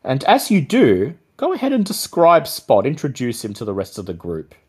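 A man's voice: mid-range voice, wildly swooping pitch, a little mellow, husky. Man narrating as game master. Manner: descriptive, with frequent pauses.

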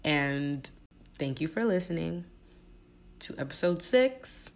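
A woman's voice: deep voice, lively intonation, slow pace, darkish tone. A young woman hosting a solo podcast, talking bluntly and passionately with frequent swearing. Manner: blunt, profane and impassioned. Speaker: podcast host.

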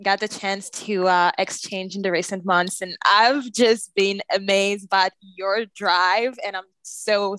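A woman from Cameroon, a podcast guest, speaking thoughtfully and pausing to search for words. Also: medium pitch, fairly bright tone, no echo. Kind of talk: casual podcast interview.

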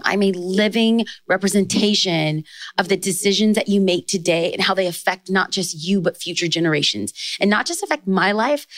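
A young adult woman talking as a podcast guest in casual chat, telling stories in quick bursts and jumping higher when she quotes people. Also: dry recording. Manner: storytelling, fast bursts with excited rises in quoted lines. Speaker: podcast guest, author and speaker.

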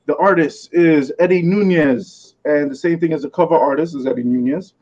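A man on a casual comics podcast, his voice pitched a little high and sounding dull and lo-fi. He reads out comic book credits between frequent laughs and stumbles over the odd name. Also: normal speed, darkish tone. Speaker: podcast co-host presenting comics.

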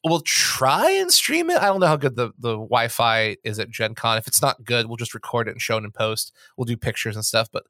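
Excitable guy hosting a podcast, jokey, bouncy pitch, dry close sound. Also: fairly quick, few pauses, no echo. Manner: excitable and joking. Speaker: podcast host. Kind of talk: casual chat.

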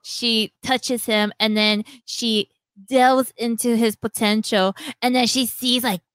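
A woman's voice: a little high, steady tone, slow, fairly bright tone, clean tone, no echo. A woman in casual chat as a podcast co-host, animatedly retelling a story and acting out the lines people say.

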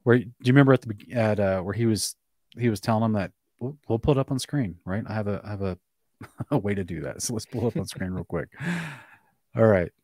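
A man hosting a casual live-streamed discussion, reading scripture aloud in between quick restarts and short chuckles. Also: lowish voice, darkish tone, husky, no room sound, studio quality. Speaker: host.

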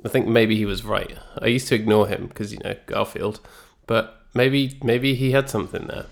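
A man hosting and editing a podcast, chatting casually with dry, deadpan jokes. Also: lowish voice, moderate pace, vocal fry. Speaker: podcast host and editor. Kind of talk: casual chat.

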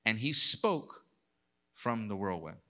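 A male pastor preaching a sermon, reading scripture aloud and acting out God's lines, moving between hushed passages and loud bursts. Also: on the low side, big pitch swings, slow pace.

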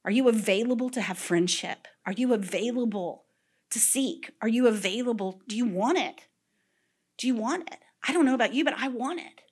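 A middle-aged woman preaches with a slightly high voice, full of animated storytelling. She drops to hushed whispers and then bursts into shouts. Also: normal speed, slightly rough. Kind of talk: sermon.

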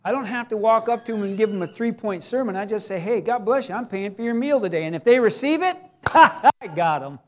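A man preaching a sermon, talking to the congregation in a conversational way and breaking into loud acted cries. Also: high voice, expressive, brisk, hardly any pauses. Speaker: pastor.

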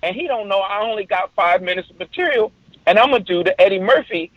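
Animated male comedian telling a story. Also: high-pitched, fast, lo-fi sound, a little hiss or hum. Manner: animated storyteller who acts out other people's voices. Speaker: comedian guest. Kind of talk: storytelling in a podcast conversation.

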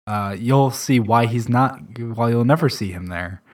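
A man hosting a casual podcast, reading aloud and chatting in a relaxed, halting way. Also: medium pitch. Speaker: podcast host.

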